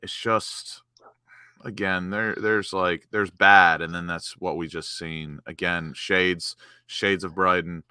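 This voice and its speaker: A man's voice: low-pitched, steady tone, measured pace, pushed and bright, smooth, no echo. A man in a casual post-match chat, angry, sighing and swearing heavily.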